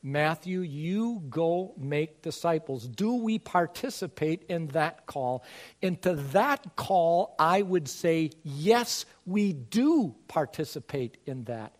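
A man preaching a sermon as pastor, earnest and building to emphatic passages. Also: high-pitched.

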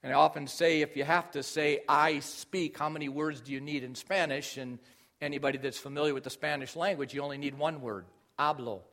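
High-voiced preacher building to emphasis. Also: male voice, fairly even intonation, fairly quick. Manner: emphatic preaching, rising loud on key phrases. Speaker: pastor. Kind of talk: sermon.

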